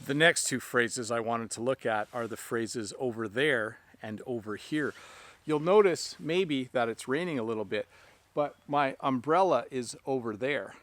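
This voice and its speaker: A man teaching an English lesson outdoors, speaking slowly and clearly with simple examples, a little out of breath. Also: medium pitch, fairly bright tone, dry recording. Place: outdoors in the rain. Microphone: camera on a stand.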